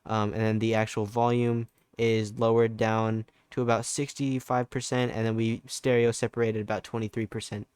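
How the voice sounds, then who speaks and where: A young man walks through a music production tutorial in a loose, laid-back way, with plenty of fillers and restarts. His voice sits low and stays fairly even. The sound is smooth and clear on a dry, close mic. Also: moderate pace, hardly any pauses, no room sound. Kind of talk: casual screen-recorded tutorial.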